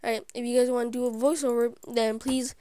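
A woman hosting her gaming channel, giving live gameplay commentary; excitable and easily frustrated, she often drops into whispered asides. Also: a little high, quick pace, dry recording. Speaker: YouTube gaming channel host.

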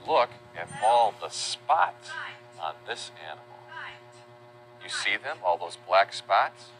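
Male children's teacher, unhurried, very animated sing-song delivery, lowish register. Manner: sing-song and patient, spells words out letter by letter and imitates animal sounds. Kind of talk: slow, simple teaching narration for young children.

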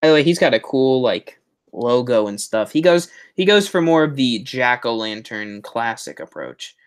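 A man chatting his way through a casual live stream as its host. He rambles and keeps up a running stream of self-mocking asides, in an ordinary voice that is neither high nor low. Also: big pitch swings, normal speed, clean tone. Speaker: host of a Halloween prop channel live stream.

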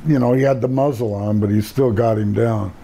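A man's voice: on the low side, fairly even intonation, a little fast, warm tone, husky. An older man, a retired pro wrestler, telling rambling laid-back stories in a casual interview and laughing at his own jokes.

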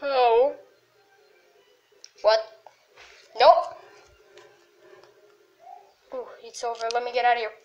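A woman commenting on a game she is playing, excitable and full of yelps and exclamations. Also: fairly high pitch, slow, pauses often, lo-fi sound, faint music behind. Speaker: gamer. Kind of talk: let's play commentary.

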